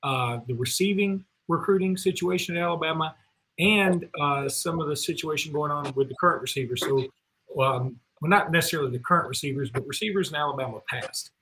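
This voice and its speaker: A man hosts a casual sports podcast in a bright, forceful voice. He talks in a chatty, folksy way, full of fillers and restarts. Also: on the high side, brisk, a little hiss or hum, poor audio. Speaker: podcast co-host.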